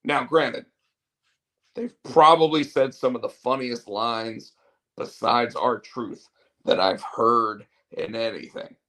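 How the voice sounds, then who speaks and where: A man's voice: mid-range voice, fairly even intonation, takes it slowly, pushed and bright. A man hosting a show, chatting casually in a rambling, opinionated way. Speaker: show host. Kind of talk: casual wrestling chat.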